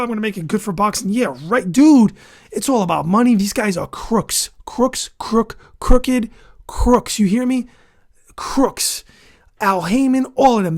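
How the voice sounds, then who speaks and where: Ranting indignant boxing show host. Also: medium pitch. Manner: ranting, indignant, repeats insults for emphasis; skims and reads an article aloud between outbursts. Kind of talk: opinionated commentary monologue.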